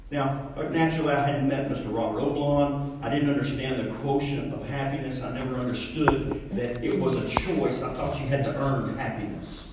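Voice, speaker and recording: A man's voice: medium pitch, fairly even intonation, moderate pace, few pauses. Middle-aged guy telling folksy stories to a crowd, voice bouncing around a big hall, faint room noise. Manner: folksy storytelling, acting out dialogue with his father. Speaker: motivational speaker. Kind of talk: motivational speech to a live audience. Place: large hall with an audience. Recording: echoey hall, mic far off.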